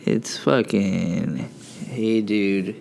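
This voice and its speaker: A man's voice: on the low side, drawn-out words, vocal fry, darkish tone, a little hiss or hum. A man co-hosting a podcast, laid-back and wry in casual chat. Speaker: podcast co-host.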